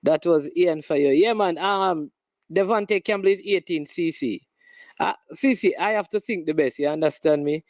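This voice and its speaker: A Jamaican man hosts a sports call-in show and takes calls in a friendly, joking way. His voice sits fairly high and sounds dry and close to the mic. He often closes with encouraging words for the players. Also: no echo. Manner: friendly, affirming, quick to joke. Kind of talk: call-in radio chat.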